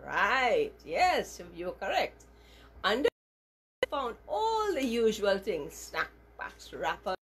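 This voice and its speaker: A woman telling a moral story to children as a teacher, animated and asking them questions as she goes. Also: medium pitch.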